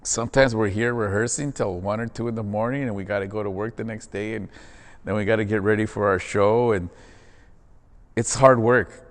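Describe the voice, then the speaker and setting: A man's voice: fairly low pitch, steady tone, moderate pace, big-room sound. A man who performs in theater, talking in a casual, earnest and reflective way during an interview, often calling the listener "man".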